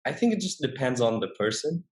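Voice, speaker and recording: Young man with a Vietnamese accent, halting. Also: mid-range voice, big pitch swings. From northern Vietnam. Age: young adult. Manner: hesitant, many restarts and fillers. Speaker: guest. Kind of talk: casual interview chat.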